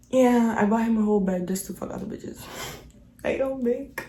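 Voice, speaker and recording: A young woman vlogger in casual storytime, animated and slangy, talking straight to her viewers. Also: a little high, normal speed, a little hiss or hum. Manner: animated, slangy, addresses viewers as y'all and guys. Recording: echoey room.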